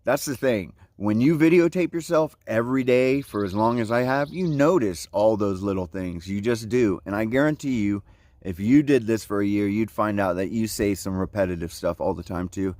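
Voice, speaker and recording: A man's voice: on the low side, normal speed, a little mellow, no room sound. A man in his forties from Central Florida, vlogging casually on a hiking trail outdoors, with laid-back surfer talk full of "like, you know, man.". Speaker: thru-hiker vlogger.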